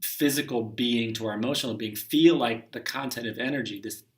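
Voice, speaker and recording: A man giving a reflective spiritual talk, speaking gently and musing, often trailing off softly. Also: mid-range voice, fairly quick, recorded from a distance. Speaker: spiritual teacher.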